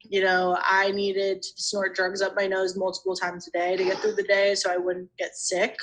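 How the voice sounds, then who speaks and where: A woman's voice: mid-range voice, completely flat delivery, normal speed, fairly bright tone, poor audio. A young adult woman, a podcast guest, telling her personal recovery story in a rambling, casual way, full of "you know" and "like".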